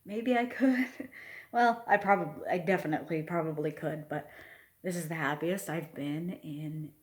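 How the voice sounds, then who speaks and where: A trans man with his pre-testosterone voice, talking slowly and heartfelt in a personal video update, halting with many pauses and fillers. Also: on the high side. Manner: soft, heartfelt. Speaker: vlogger.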